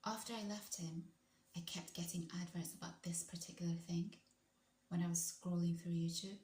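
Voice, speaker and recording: A woman chats to her viewers in a casual reaction vlog, now and then sliding into hushed asides. Her voice sits a little low. The room sounds roomy, with faint background noise behind her. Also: steady tone, normal speed. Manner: chatty, drops into hushed whispered asides. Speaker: vlogger.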